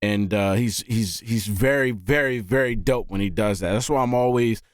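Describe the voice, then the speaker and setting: A man hosting a music reaction video, talking casually and excitedly and often saying "man". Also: on the low side, moderate pace, clean tone, dry recording, studio quality. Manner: animated, often says "man".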